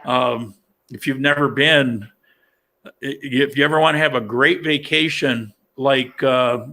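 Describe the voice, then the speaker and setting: A man from upstate New York hosting a casual livestream chat, talking in a halting way with many restarts and fillers. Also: medium pitch, sharp tone. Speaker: livestream host.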